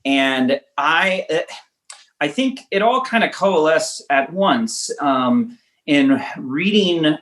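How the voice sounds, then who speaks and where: A man's voice: a little high, lively intonation, takes it slowly, fairly bright tone. A man from Los Angeles talks through his answers in a conversational interview. He often stops and restarts while he thinks aloud. He tells his stories with a self-deprecating touch. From Los Angeles, United States. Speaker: writer-director guest.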